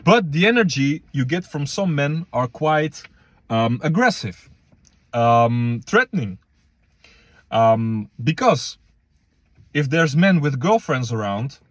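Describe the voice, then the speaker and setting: A man's voice: medium pitch, no echo. A young man casually talking to viewers as a fitness vlogger, slangy and loose, calling them guys and bro. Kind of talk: casual advice vlog.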